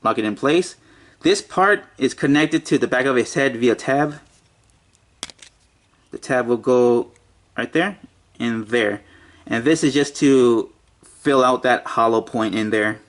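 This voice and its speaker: A man's voice: mid-range voice, a little slow, long pauses. Man casually reviewing a toy. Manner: mutters and jokes to himself while handling the toy.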